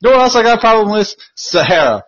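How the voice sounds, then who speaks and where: Podcast cohost dude, loud jokey cut-ins, highish voice, dull recording. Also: male voice, sing-song, fast talker. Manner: loud, joking interjections. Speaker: podcast co-host. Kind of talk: casual comedic banter.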